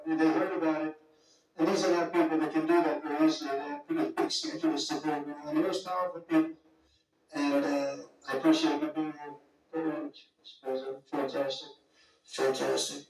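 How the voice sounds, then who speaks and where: A man with a slightly high voice delivers a loose, off-the-cuff speech full of digressions and folksy asides. He sounds distant from the mic, and his words ring through a very echoey hall. Faint music hums in the background. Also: level tone, brisk, darkish tone. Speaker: speaker greeting leaders at a summit.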